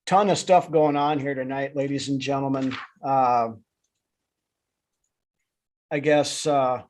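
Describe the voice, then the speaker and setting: A man's voice: mid-range voice, steady tone, slow, darkish tone. A man co-hosting a live sports talk show, chatting casually with lots of fillers and restarts. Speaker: podcast co-host.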